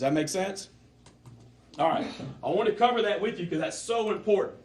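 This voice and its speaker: Male sales coach, high-pitched, emphatic and fervent, live-room motivational training talk. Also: moderate pace, long pauses. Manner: fervent, emphatic, swings between loud and soft.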